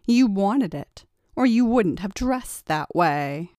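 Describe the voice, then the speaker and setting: A woman's voice: medium pitch, lively intonation, slow, darkish tone, dry recording. A woman reads a first-person story aloud, teasing and taunting as she goes. Her voice sits in a middle range. The recording is very dry, with no room sound. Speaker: story narrator.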